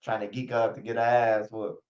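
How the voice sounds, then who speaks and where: A man's voice: lowish voice, flat delivery, moderate pace, a little mellow, dull audio. A man ranting bluntly in casual street slang, repeating himself and swearing often. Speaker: streamer.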